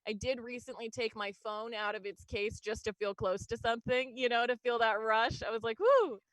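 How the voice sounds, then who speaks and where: A woman doing a stand-up comedy set, her voice sitting on the higher side. She rambles, leans on fillers and small laughs, and turns every joke back on herself. The sound is dry and close. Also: steady tone, brisk, fairly bright tone, no room sound, poor audio. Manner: rambling, self-deprecating, frequent fillers and laughs. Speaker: stand-up comic.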